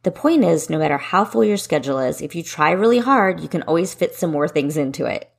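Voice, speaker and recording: A woman's voice: sits low, animated, fairly quick, vocal fry, exaggerated voice. A woman reading an eager male student. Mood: earnest.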